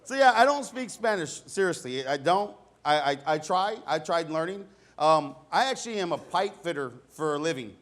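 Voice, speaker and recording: A man's voice: a little high, expressive, normal speed, hardly any pauses, a bit bright, a little hiss or hum. A middle-aged man doing a conversational, self-deprecating stand-up comedy set before a live audience. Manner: conversational, self-deprecating, acts out dialogue in raised voices.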